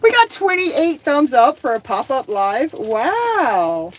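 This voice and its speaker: Middle-aged Southern woman, livestream host, chatty and quick to laugh, reads viewer comments aloud. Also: high voice, sing-song, rough recording. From American South. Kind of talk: casual livestream chat.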